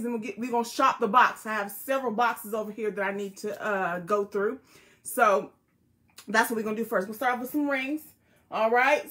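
A woman's voice: a little high, a bit bright. A woman hosting a live jewelry sale, chatting in a folksy, friendly way and greeting viewers by name, recorded on a tablet. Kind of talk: casual live-stream selling chat. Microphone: tablet device.

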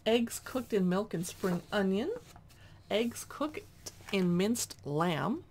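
A woman's voice: medium pitch, expressive, slow pace, darkish tone, a little hiss or hum. A woman chatting casually as she pages through a cookbook, reading dish names aloud with little asides. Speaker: cookbook reviewer.

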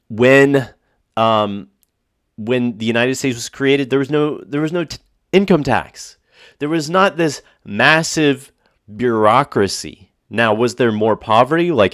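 A man preaching with a somewhat low voice, reading scripture and driving points home through repetition. The sound is dry, with no room echo. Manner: emphatic, repeats phrases for stress.

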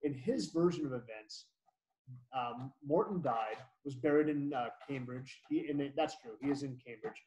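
A man leads a relaxed book discussion for an online club, speaking over a video call with a medium-pitched, darkish voice at a moderate pace. His talk meanders, full of self-corrections and frequent laughter. The low-quality recording carries a little hiss or hum.

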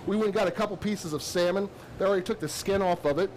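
A man's voice: high voice, fast, slight background noise. A man, a chef doing a live cooking demo in an upbeat, chatty way. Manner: upbeat, chatty, lots of shout-outs.

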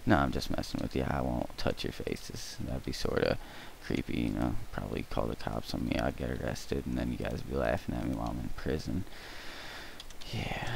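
A young man rambling through casual building commentary for a gaming tutorial, goofy and joking, with a gravelly voice on a cheap mic. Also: very deep voice, darkish tone, a little hiss or hum. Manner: goofy, rambling, breaks into silly singing and mock threats. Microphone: cheap mic with echo.

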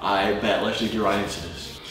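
A man's voice: fairly low pitch, fairly even intonation, normal speed, fairly bright tone. Boastful young man, very echoey room. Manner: boastful, joking, slangy banter. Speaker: host. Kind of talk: casual reaction chat. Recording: very echoey room with faint hiss.

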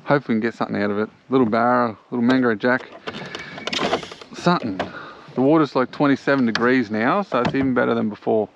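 An Australian man giving excitable, chatty commentary while fishing from a small boat on a creek, talking to the fish he catches. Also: mid-range voice, a little fast, lo-fi sound, noisy background. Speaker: angler filming his own fishing trip. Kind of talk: casual fishing vlog commentary.

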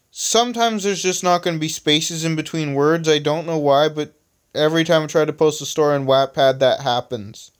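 A man's voice: medium pitch, darkish tone, smooth. A man casually reading his own story aloud, stumbling over typos and commenting on his own text, recorded on a phone. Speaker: amateur reader of his own stories.

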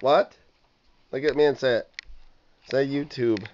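A father in a home video gently coaxing his toddler, repeating questions and prompts over and over. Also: medium pitch, steady tone, slow pace, pauses often. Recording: muffled home video with faint noise.

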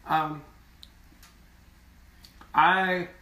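A man's voice: fairly high pitch, level tone, very slow, bright, forceful tone. A man singer in a casual live video chat, speaking earnestly and repeating words for emphasis. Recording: roomy sound from far off.

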